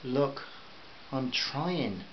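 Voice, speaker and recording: A man voicing a shy, kind young father who speaks softly and apologetically. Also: medium pitch, lively intonation, very slow, lo-fi sound, slight background noise, pitched above the performer's own voice. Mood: defensive. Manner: soft, apologetic.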